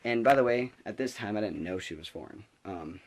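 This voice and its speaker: A man's voice: fairly low pitch, expressive, fairly quick. A young man telling a casual story to camera, rambling with lots of restarts and filler words, sometimes whispering quoted asides. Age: young adult. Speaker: vlogger.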